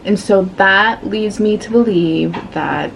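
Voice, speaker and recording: A woman chatting casually in a reading vlog, giving animated, sassy commentary on a book and laughing often. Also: medium pitch, slow, vocal fry, slight background noise. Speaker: book vlogger.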